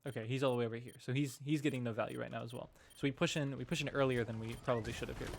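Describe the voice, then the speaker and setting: A man's voice: mid-range voice, steady tone, rapid-fire, gravelly. Man casually breaking down match footage. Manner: thinking aloud with frequent restarts. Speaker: coach reviewing team gameplay. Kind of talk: casual analytical game review. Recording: noticeable background noise.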